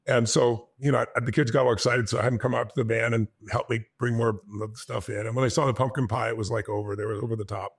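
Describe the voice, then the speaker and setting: A middle-aged man tells a personal story with a husky, somewhat breathy voice. His pitch sits in an ordinary middle range. He acts out the lines people said, jumping higher for the quoted parts. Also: fast talker, few pauses. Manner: animated storytelling, acts out dialogue with pitch jumps. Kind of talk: personal story told to an audience.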